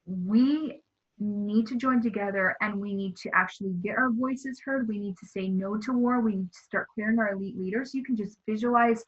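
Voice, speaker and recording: A woman speaking as a guest in a spiritual interview, earnest and halting, often restarting her sentences. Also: mid-range voice, slightly rough, dull audio.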